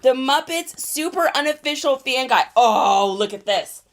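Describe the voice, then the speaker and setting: A young adult woman hosting a casual livestream, chatty and excitable, laughing often. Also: high-pitched, a little slow, background noise. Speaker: reseller livestream host.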